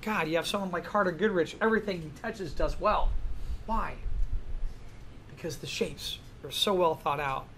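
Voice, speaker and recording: A man teaching a class in a classroom, lively and full of questions to the students. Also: high-pitched, normal speed, a little hiss or hum. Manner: animated, asks the class many questions. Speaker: art instructor. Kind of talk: classroom lecture.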